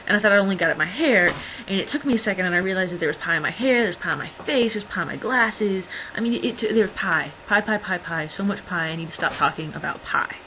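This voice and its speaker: A woman's voice: fairly low pitch, quick pace, pushed and bright, slight background noise, rough recording. A young woman vlogging in casual chat, rambling through stories with lots of fillers and wry, exasperated asides. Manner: rambling, filler-heavy storytelling.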